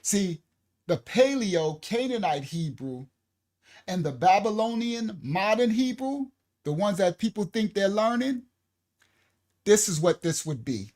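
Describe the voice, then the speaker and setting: A man teaching a congregation in a preaching style, emphatic and repetitive, building to loud exhortation. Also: sits high, sing-song, measured pace. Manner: emphatic, repeats words, rises to loud exhortation. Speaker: teacher of a ministry.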